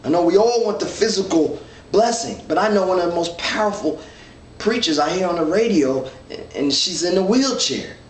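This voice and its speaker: A man's voice: high-pitched, animated, normal speed. Earnest man teaching the Bible in an echoey room. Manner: earnest, thinks aloud with restarts, reads scripture. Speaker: Bible study leader. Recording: echoey room, mic at a distance, faint ambience.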